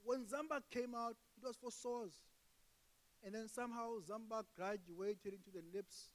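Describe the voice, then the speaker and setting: A young South African man doing stand-up comedy and crowd work, jumping between loud outbursts and hushed asides. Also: high voice, normal speed, rough recording.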